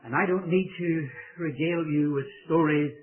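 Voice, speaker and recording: A man's voice: fairly high pitch, moderate pace, soft background music. A man preaching a sermon, emphatic, swelling and dropping his voice for stress. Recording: tinny phone-like sound.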